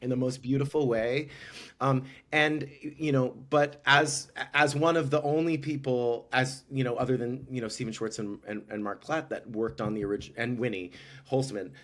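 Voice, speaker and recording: A man's voice: mid-range voice, fairly even intonation, moderate pace, a bit bright. Effusive middle-aged man, rambling guest. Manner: effusive, rambling with many restarts. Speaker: guest musical director. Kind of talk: casual podcast interview.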